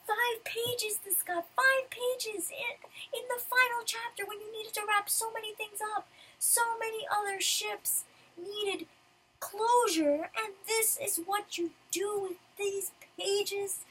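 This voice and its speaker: A woman's voice: extremely high pitch, fairly even intonation, takes it slowly, sharp tone, rough recording. A woman giving casual commentary as a manga reviewer, ranting in frustration.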